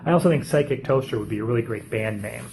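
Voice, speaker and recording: Man in his own relaxed voice, easygoing episode reviewer, thinks aloud, faint background noise. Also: mid-range voice, fast talker, creaky. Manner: chatty, thinking aloud with fillers. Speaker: TV show reviewer. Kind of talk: casual spoken commentary.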